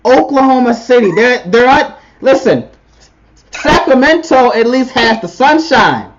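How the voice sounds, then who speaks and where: High-voiced man ranting about sports. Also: expressive, unhurried, dull audio, noisy background. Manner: opinionated, blunt, riled up. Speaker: podcast co-host. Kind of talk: casual sports talk rant.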